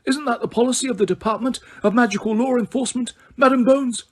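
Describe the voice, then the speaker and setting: A man voicing a very old male wizard who speaks in a calm, pleasant, measured way. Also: sits high, husky, pitched above the performer's own voice, full character voice.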